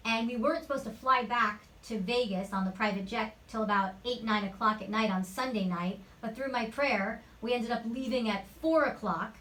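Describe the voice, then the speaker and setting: Actress guest, woman, higher-pitched, animated storyteller, mic a little far off. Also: moderate pace, few pauses. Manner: lively, chatty anecdotal storytelling. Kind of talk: interview storytelling. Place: home studio.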